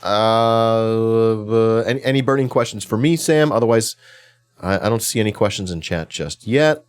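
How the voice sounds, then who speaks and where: A man's voice: lowish voice, moderate pace, smooth. A man hosting an interview show, talking in a casual, chatty way and often repeating words as he restarts.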